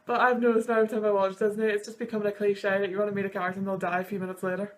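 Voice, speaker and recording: A woman's voice: mid-range voice, little pitch movement, rapid-fire. A woman in her twenties, a student, giving rambling, emotional reaction commentary on sad film scenes. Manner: gushing, rambling, sniffly over sad scenes. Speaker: university student and video host.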